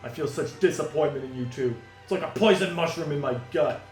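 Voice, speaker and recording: Man voicing a gruff Pianta mob boss, commanding, theatrical, echoey room, music behind. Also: fairly high pitch, brisk, lightly acted. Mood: angry. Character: stern middle-aged male Pianta mafia boss.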